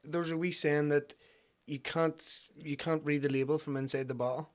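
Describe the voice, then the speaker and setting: A man, a guest in casual podcast chat, easygoing and quick to agree with short interjections. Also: fairly high pitch, fairly even intonation. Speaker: podcast guest, business owner.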